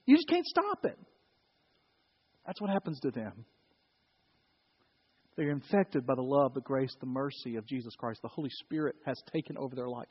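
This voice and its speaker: A middle-aged man with a Southern US accent preaches a sermon with a high voice. His folksy delivery runs from loud stories to hushed solemn points. The sound is muffled and carries a long church-hall reverb. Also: breathy edge. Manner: folksy, swings between loud storytelling and quiet solemn preaching. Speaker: pastor. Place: church sanctuary.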